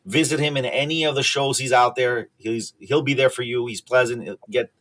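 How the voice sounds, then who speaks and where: A man's voice: medium pitch, steady tone, a little fast, a bit bright. A man hosting a podcast over a video call, chatting casually and enthusiastically plugging his guest while sounding overworked. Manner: enthusiastic, rambling, promotional. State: tired, overworked. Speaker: podcast host.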